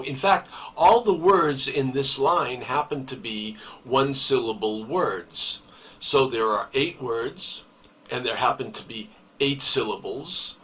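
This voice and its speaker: Male teacher, mid-range voice, slow deliberate delivery, distant dull lo-fi recording. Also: mid-range voice, a bit bright. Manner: slow, deliberate explaining with emphasis on key terms. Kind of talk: recorded poetry lesson.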